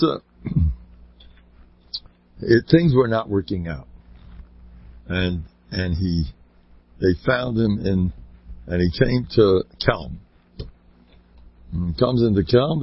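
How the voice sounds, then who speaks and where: A man giving an informal inspirational talk full of stories, with an animated delivery that swoops up high and then drops to quiet asides. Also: creaky, slightly rough, no room sound. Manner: animated, swooping pitch, sudden quiet drops, laughs between points. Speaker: inspirational speaker. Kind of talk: informal Jewish ethical talk with storytelling. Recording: dull lo-fi dry recording.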